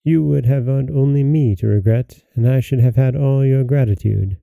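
A man's voice: medium pitch, normal speed, gravelly, dark tone, no echo, close to an everyday voice. A man voicing a small, devoted male dog in a storybook reading, speaking proudly and insistently.

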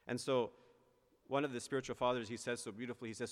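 A male priest giving a sermon in an earnest way, rising to emphatic peaks and slowing down on key phrases. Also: mid-range voice, fairly even intonation. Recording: long church reverb.

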